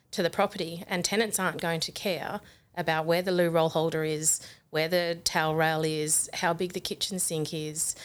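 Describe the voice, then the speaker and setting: A woman who is a guest in a studio interview, speaking in an upbeat, encouraging way. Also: fairly low pitch.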